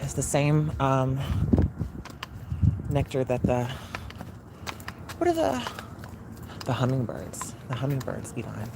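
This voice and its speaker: Lady from on a phone live stream, walking outside, talking to her dogs, lots of loud outdoor noise. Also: a bass voice, very animated, slow pace, creaky, long pauses. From Mississippi. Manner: chatty, coaxing the dogs between remarks to viewers. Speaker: livestreamer. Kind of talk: casual live-stream chat. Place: outdoors on a city walk.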